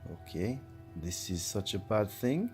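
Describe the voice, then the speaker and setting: A man's voice: low-pitched, lively intonation, normal speed, vocal fry, a little mellow, faint music behind. A man voicing a wary young male exchange student who speaks with a thick accent, hesitant and clipped. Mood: suspicious.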